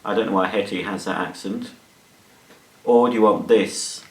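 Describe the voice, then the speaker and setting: A man walks through a product demonstration in a chatty, playful way, with jokey asides. His voice sits fairly low. The room around him gives a roomy echo. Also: normal speed, pauses often, a little hiss or hum. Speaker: product reviewer.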